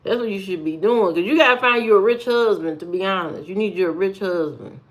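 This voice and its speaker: A woman's voice: medium pitch, a little fast. Sassy, rambling woman livestreamer. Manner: playful, sassy, rambling banter with viewers. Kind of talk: casual livestream chat.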